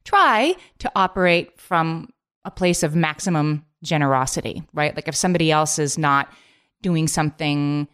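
A woman's voice: low-pitched, lively intonation, a bit bright, smooth. A woman co-hosting a podcast, talking casually and emphatically with lots of "like". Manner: quick, emphatic, peppered with "like". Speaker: podcast co-host.

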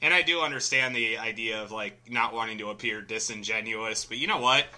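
Bright-voiced Illinois man, casual co-host. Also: fairly low pitch, a little fast. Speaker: podcast co-host. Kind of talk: casual chat.

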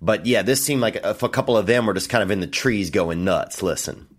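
A man's voice: on the low side, brisk, music in the background. A man hosting a solo podcast from a hotel room, rambling and meandering through his thoughts with frequent fillers and casual profanity. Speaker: podcast host.

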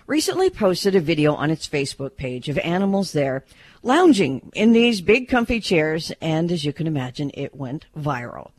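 A woman's voice: deep voice, dry recording. A woman reading a radio news update about pets in a chatty, informal way and breaking into light laughs. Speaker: news reporter.

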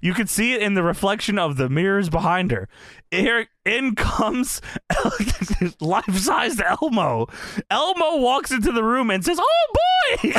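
Man co-host, slow and animated, dry mic, crude storyteller. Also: high voice, no echo. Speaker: podcast co-host. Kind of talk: casual comedic recap.

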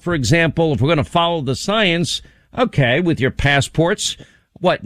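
A man's voice: a little high, fairly bright tone, no room sound, studio quality. A man hosting a political talk show, combative and sarcastic, firing off rhetorical questions. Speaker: talk radio host.

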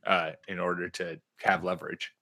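A man hosting a casual sports podcast, jokey and animated as he leads the questions. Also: sits low, normal speed. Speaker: podcast host.

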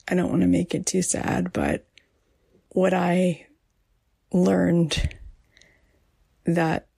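A woman hosting a podcast, talking softly and emotionally, often dropping almost to a whisper. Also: on the low side, little pitch movement, extremely slow, gravelly, slightly rough, dry recording. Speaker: podcast host. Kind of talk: personal podcast monologue.

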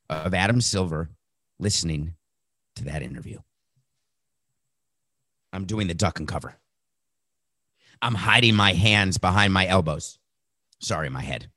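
A man hosting a sports podcast, talking sarcastically and acting out quotes with animated, mocking voices. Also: sits low, moderate pace, long pauses, dry recording, studio quality. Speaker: podcast host.

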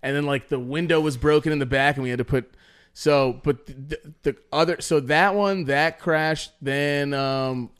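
A man's voice: fairly high pitch, steady tone, normal speed, a bit bright, smooth. A young man co-hosting a podcast, telling rambling, profane stories and quoting people in put-on voices. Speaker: podcast co-host. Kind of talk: casual storytelling chat.

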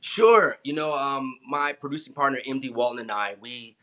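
Bright-voiced man telling lively stories. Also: medium pitch, moderate pace. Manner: animated, acts out voices in anecdotes, laughs often. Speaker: actor guest. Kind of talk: casual interview storytelling.

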